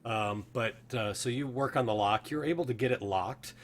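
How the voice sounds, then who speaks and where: A man narrating as game master of a tabletop game, relaxed and full of fillers. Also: medium pitch, a little hiss or hum. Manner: relaxed, filler-heavy narration with quick guard voices.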